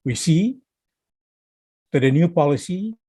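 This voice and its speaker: A man, a professor reading a prepared lecture slowly and deliberately, like a newscaster. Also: a little high, lively intonation, mellow, breathy edge, dry recording. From Malaysia. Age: 70s.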